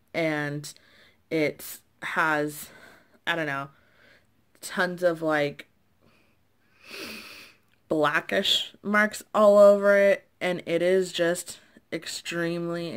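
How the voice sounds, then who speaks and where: A young woman vlogging from home and retelling a grievance in a rambling, exasperated way, full of "like" and "um". Her voice sits a little low for a woman, and the camera mic picks her up plainly. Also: fairly bright tone. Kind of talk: casual storytime vlog.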